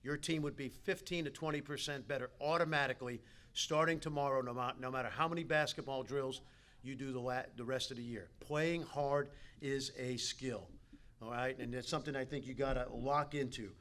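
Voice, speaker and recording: At a banquet hall team dinner, a man gives a fast-paced motivational keynote in a mid-range voice. He's an animated storyteller who talks straight to the players.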